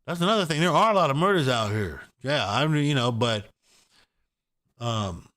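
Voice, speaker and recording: A man's voice: medium pitch, expressive, moderate pace, a bit bright. A man from Oregon giving a casual vlog rant in a blunt, profane, repetitive way. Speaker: gun owner vlogger.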